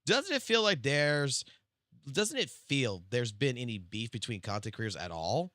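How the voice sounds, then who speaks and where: A male game streamer telling profane, animated anecdotes on a live stream. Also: mid-range voice, measured pace, dry recording, studio quality.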